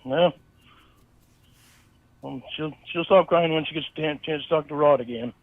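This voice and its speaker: A man's voice: a little high, moderate pace, dry recording. A man in a recorded phone call, angry and profane, stumbling over his words as he complains. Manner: angry, profane, stammering restarts. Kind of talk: heated phone conversation. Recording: tinny phone line recording.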